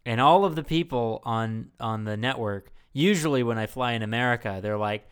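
Smooth-voiced man rambling on a podcast. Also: medium pitch, normal speed, few pauses. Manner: rambling, jokey, many fillers. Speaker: podcast host. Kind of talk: casual podcast chat.

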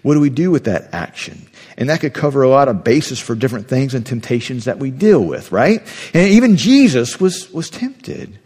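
A man preaching a sermon in a casual, conversational tone, with a middle-pitched voice. He acts out little voices and asides to make his points. The sound carries a long reverb from a big hall. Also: moderate pace, slightly rough. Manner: conversational, animated preaching with acted-out inner voices. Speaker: pastor.

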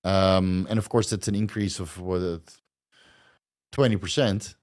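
A man's voice: low-pitched, level tone, normal speed, a little mellow, clean tone. A man hosting a podcast in a casual, rambling chat, full of fillers and self-corrections. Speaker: podcast host. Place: lives in Thailand.

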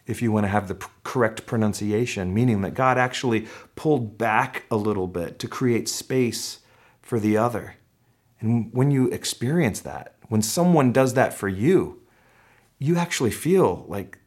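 A man's voice: medium pitch, expressive. Conversational male pastor preaching. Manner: conversational preaching with fillers and restarts, reads scripture slowly. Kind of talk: sermon.

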